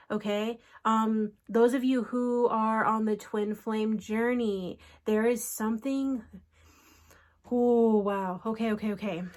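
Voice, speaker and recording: Woman doing a spiritual card reading, earnest and unhurried, mid-pitched voice, talks right to the spirits. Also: a little mellow. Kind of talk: solo channeled card reading.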